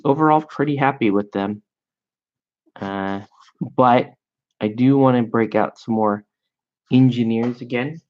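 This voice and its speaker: A man's voice: medium pitch, a little mellow. A man chatting casually and rambling with amusement as he paints miniatures at his hobby desk. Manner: slow, rambling, self-amused. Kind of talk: casual chat while painting. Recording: dull lo-fi sound.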